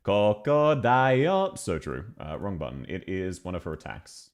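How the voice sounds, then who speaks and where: A man's voice: very deep voice, a little mellow. A man from Australia with an Australian accent doing blunt, laugh-filled reaction commentary on his stream. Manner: blunt, laughing, quick asides.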